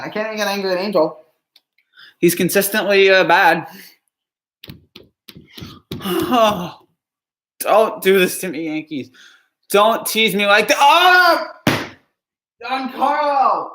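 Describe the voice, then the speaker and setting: A man's voice: high voice, moderate pace, pauses often, a bit bright, echoey room. A man reacting live to a ballgame as a fan streamer, anxious and pleading, with heavy sighs.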